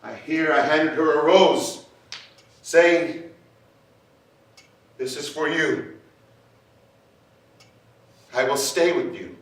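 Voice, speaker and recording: Male spoken-word performer, measured and theatrical, distant from the mic in a roomy hall. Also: fairly high pitch. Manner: dramatic, measured, rising to shouts. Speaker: storyteller. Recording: echoey stage from far off.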